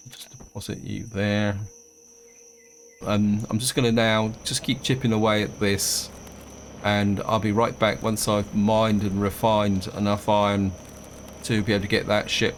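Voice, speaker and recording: Relaxed and thinking out loud, a male gaming video host talks through his own gameplay as he plays. He has a fairly low-pitched voice and speaks a little slowly, with a little hiss or hum in the recording.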